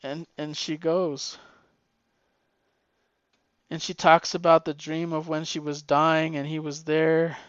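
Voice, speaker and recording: A man casually retelling a comic book plot, excitable and emotional, swearing freely. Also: on the high side, slow pace, pauses often, clear, resonant tone, dry recording, lo-fi sound.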